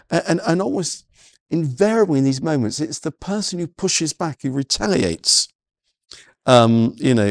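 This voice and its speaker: A man's voice: on the high side, creaky, no echo, clean studio sound. A man preaching a sermon, earnest and full of stammered restarts and "you know" fillers. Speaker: pastor.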